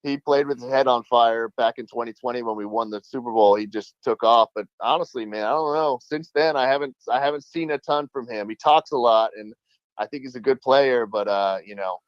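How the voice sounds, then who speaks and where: A man's voice: mid-range voice, fairly quick, clear, resonant tone, no echo, highs cut off. A man calling in to a sports talk show, talking casually and sounding resigned, with lots of fillers. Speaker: caller.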